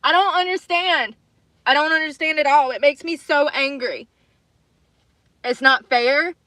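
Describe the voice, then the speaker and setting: A woman's voice: high voice, a little slow, sharp tone, no room sound. A woman on a livestream, ranting angrily with a lot of swearing and repeated phrases, sometimes close to tears. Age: adult with children. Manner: angry, swearing, repeating herself. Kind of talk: emotional livestream rant. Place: in her car.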